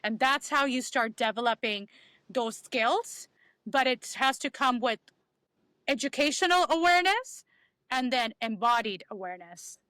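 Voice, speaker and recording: A woman's voice: a little high, lively intonation, unhurried, pushed and bright, clean tone, dry recording. A woman talking as a podcast guest, giving emphatic advice that repeats key phrases and acts out inner dialogue. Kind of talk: animated conversational advice.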